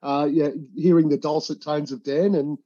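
Australian man, podcast guest, husky, dull remote line. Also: a little high, fairly even intonation, normal speed, dark tone, dry recording. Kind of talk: casual podcast chat.

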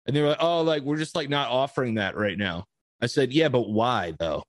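A man on a podcast telling a story in casual chat, profane and animated, acting out the dialogue. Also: mid-range voice, brisk, no room sound. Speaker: podcast host.

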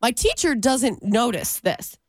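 An animated woman on a radio show tells a story in easy, casual chat. Her voice sits a touch high, and she jumps higher still when she acts out other people. The studio sound is dry and close. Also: a little slow, no echo. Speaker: radio co-host.

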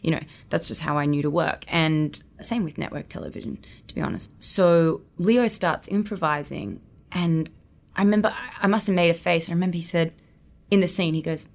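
A woman in her twenties with an Australian accent, a guest telling a lively story and acting out her own thoughts along the way. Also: lowish voice, normal speed. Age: 20s. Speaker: actress guest. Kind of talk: animated anecdote telling.

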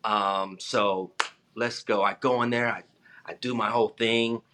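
Bright-voiced man telling lively stories. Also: on the low side, measured pace. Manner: animated, acts out voices in anecdotes, laughs often. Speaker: actor guest. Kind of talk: casual interview storytelling.

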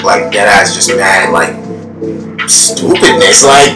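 A man's voice: low-pitched, expressive, slow pace, recorded from a distance. Young New York man telling stories. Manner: loose slangy storytelling, laughs often. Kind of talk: casual chat. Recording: roomy sound from off mic, loud music. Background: music.

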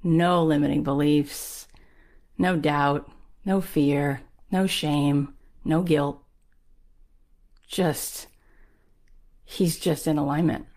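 Speaking extremely slowly with long pauses, this low-voiced woman delivers a motivational talk built around a story. She hammers home key phrases through repetition and brings the story's characters to life with animated impressions.

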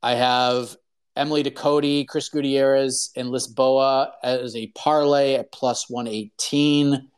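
A man's voice: medium pitch, slow pace, smooth. Casual male fight-show host. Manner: relaxed, rambling, laughs while talking. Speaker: podcast host. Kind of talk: casual chat about fight betting.

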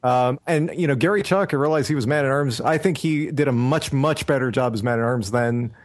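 A man's voice: mid-range voice, a little fast. A man co-hosting a casual podcast, giving emphatic opinions between laughs. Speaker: podcast co-host. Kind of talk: casual toy podcast chat.

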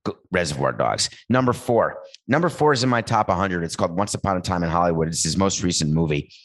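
A man's voice: lively intonation, fast. Playful rambling man hosting a show. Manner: playful, rambling, with sudden pitch jumps. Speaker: show host. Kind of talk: comedic talk-show monologue with ad read.

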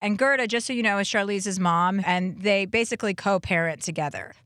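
A woman's voice: mid-range voice, fairly quick, a bit bright, no room sound, studio quality. A woman hosting a podcast, teasing her guest in joking banter. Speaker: host. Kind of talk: casual podcast chat.

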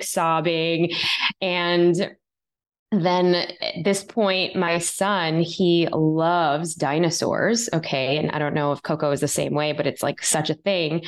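Lively storytelling woman, lowish voice. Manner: animated, acts out her own quoted lines. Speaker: guest author. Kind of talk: storytelling in a podcast interview.

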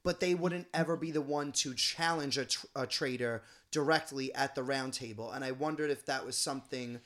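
A man's voice: mid-range voice, normal speed, fairly bright tone. Curious, chatty man co-host. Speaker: podcast co-host. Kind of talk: casual podcast chat.

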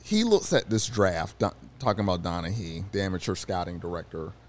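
A man's voice: low voice, brisk. A man, a newspaper reporter sitting in as a studio guest, telling an anecdote in casual sports podcast chat. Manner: storytelling, animated, with restarts and fillers.

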